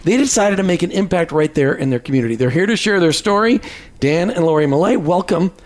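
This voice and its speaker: A man's voice: sits high, expressive, fast talker. Joking man co-hosting a faith podcast. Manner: jokey, teasing asides. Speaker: podcast co-host. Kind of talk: casual chat.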